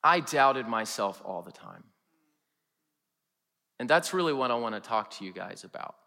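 A male pastor preaching a sermon in a chapel, telling funny stories with lively, animated delivery. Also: medium pitch, moderate pace, vocal fry, long reverb tail. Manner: animated, humorous storytelling. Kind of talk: sermon with storytelling. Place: large chapel.

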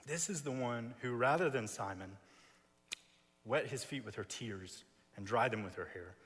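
A man's voice: medium pitch, normal speed, fairly bright tone, husky. A man preaching an expository sermon in a seminary chapel, building his points with emphatic repeated phrases. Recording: long reverb of a chapel.

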